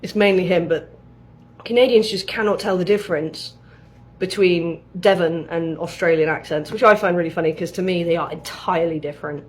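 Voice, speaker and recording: A woman's voice: fairly low pitch, a little fast. A woman from England chatting casually, with frequent ums and laughs. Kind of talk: casual chat.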